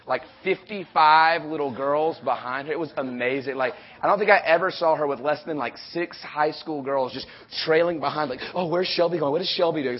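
Lively man telling a camp story. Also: a little high. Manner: animated, quick retelling with acted-out quotes. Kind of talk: casual storytelling. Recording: dull lo-fi audio.

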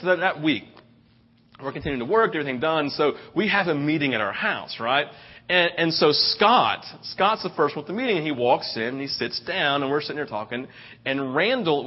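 A middle-aged pastor tells stories from the pulpit in a chatty way and keeps asking "right?". His voice sits a little high and shoots up loud when he acts out someone's excitement. The recording is dull and lo-fi. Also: brisk. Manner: animated, jumps to a loud high voice for quoted excitement. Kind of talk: sermon with storytelling.

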